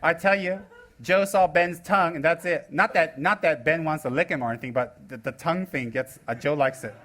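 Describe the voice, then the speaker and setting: A man in his forties from the United States, giving a live Buddhist teaching with teasing, sarcastic, animated delivery. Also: fairly high pitch, fairly quick, a little hiss or hum. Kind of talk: live dharma talk.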